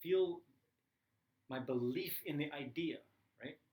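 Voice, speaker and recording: A man teaching a live class, telling a personal story in a candid, animated way with frequent "right?" asides. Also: mid-range voice, measured pace, echoey room, poor audio. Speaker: meditation teacher.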